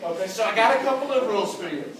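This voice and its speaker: A man's voice: high voice, lively intonation, racing. A man doing a stand-up impression of a boastful, blustering older American politician as MC of a student debate, in a put-on American accent, bragging and tagging nearly every line with "okay?". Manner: bragging, repeats "okay?" and "let me tell you". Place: university lecture hall. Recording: echoey hall, distant mic, noisy.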